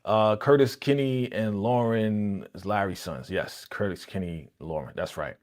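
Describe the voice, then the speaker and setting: A low-voiced man riffs loosely and casually as he hosts a live reaction stream. He talks in an animated, slangy way and speaks directly to his viewers in the chat. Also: measured pace.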